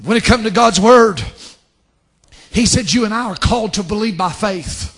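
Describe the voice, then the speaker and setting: A man preaching a fervent sermon, dropping to hushed asides and rising to shouted scripture. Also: high-pitched, normal speed, slightly rough.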